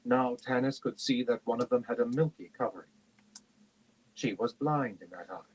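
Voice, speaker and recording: A man reading a fantasy novel aloud in a steady, measured way on a livestream. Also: mid-range voice, breathy edge, poor audio. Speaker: reader.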